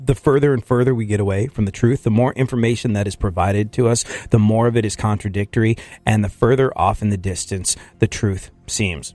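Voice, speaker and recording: A man's voice: fairly low pitch, a little mellow, dry recording. A man hosting a casual comedic talk show, rambling and riffing with lots of restarts. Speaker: podcast host.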